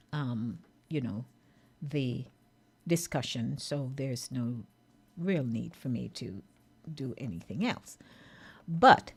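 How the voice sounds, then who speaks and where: Low-voiced woman radio host. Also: a little mellow. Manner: measured, earnest explaining. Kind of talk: radio talk show commentary.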